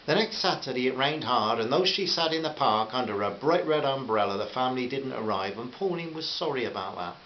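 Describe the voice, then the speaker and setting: A man reading a short story aloud in a gentle, friendly way, addressing listeners as friends. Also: mid-range voice, lively intonation, a little fast, hardly any pauses. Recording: muffled roomy recording with faint hiss.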